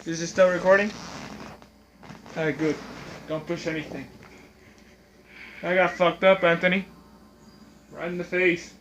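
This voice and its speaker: A man's voice: high-pitched, steady tone, a little slow, long pauses, lo-fi sound, slight background noise. Man swearing over gameplay. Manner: swears often, reacts out loud. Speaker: gamer. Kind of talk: casual gameplay commentary. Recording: game music behind.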